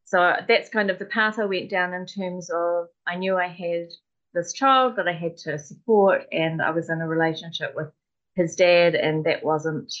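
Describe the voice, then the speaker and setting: A woman's voice: fairly low pitch, lo-fi sound. A New Zealand woman in her forties, a podcast guest talking in a modest, hesitant way. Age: 40s. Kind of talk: casual conversation.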